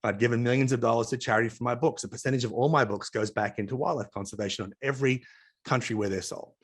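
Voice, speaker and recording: A man's voice: medium pitch, steady tone, fast talker, slightly rough. A middle-aged Australian man, an interview guest on a video call, telling chatty anecdotes with asides in a casual storytelling way.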